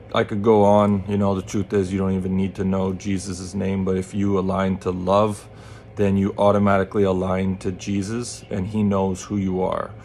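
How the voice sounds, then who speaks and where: A man with a low, fairly flat voice talks to his viewers in a loose, rambling storytelling way, and he swears freely. A faint hiss sits under the recording. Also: gravelly. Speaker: channel host. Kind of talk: casual storytelling to camera.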